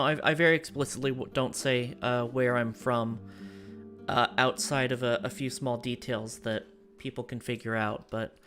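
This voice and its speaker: A woman's voice: extremely low pitch, a bit bright. An American woman streamer with a General American accent, chatting casually and thinking aloud while she plays a strategy game. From United States. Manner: thoughtful and digressive, thinking aloud.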